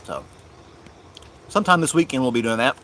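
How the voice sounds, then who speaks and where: A man chatting casually on a live stream in his yard, rambling and unhurried, talking fondly to his dog. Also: mid-range voice, big pitch swings, fairly bright tone, a little hiss or hum. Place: outdoors in a yard.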